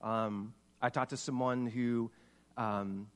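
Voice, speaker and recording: A man's voice: medium pitch, fairly even intonation, slow pace, long reverb tail. A man pastor giving an earnest, conversational sermon, piling up short lists of words.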